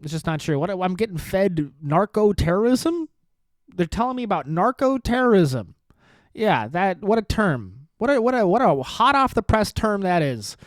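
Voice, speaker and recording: A man's voice: sits high, very animated, normal speed, no room sound. A man hosting a podcast, ranting in a rambling, sarcastic and profane way, full of rhetorical questions and repeated phrases. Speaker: podcast host. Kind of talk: casual political rant.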